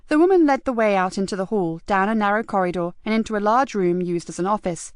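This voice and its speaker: Narradora de audiolibro policíaco, lectura serena, tono medio, micrófono cercano. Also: female voice, mid-range voice, quick pace, few pauses, clean tone, dry recording, studio quality. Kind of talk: scripted narration.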